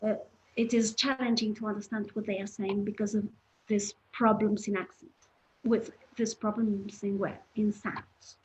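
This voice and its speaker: A woman's voice: mid-range voice, flat delivery, moderate pace, a little hiss or hum, rough recording. A woman teaching English pronunciation in an online webinar, patiently explaining and encouraging students in the chat.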